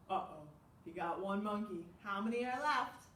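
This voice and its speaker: This is a children's librarian reading to kids at storytime, her mid-range voice at normal speed and her delivery animated with gasps and questions. Slight background noise comes through, and the room echoes because she's far from the mic.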